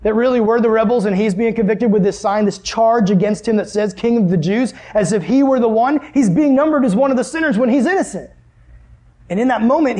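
A young man teaching a Bible lesson to a group, animated and asking the class questions. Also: high-pitched.

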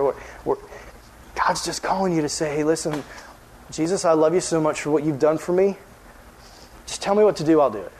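High-voiced earnest young youth pastor. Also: male voice. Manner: earnest, rises in pitch when emphatic, drops soft on appeals. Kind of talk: sermon to a youth group.

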